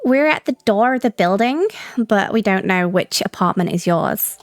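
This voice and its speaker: A woman's voice: mid-range voice, animated, normal speed, no echo, soft background music, natural voice. A woman voicing a cheerful, caring young woman friend in a visual novel, eager and welcoming.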